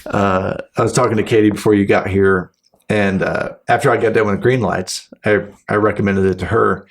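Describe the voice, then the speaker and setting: Man, low-ish voice, rambling podcast host; casual, profane, restarts often. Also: fairly even intonation, normal speed. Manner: rambling, restarts sentences, swears freely; acts out his partner's replies. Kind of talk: casual chat.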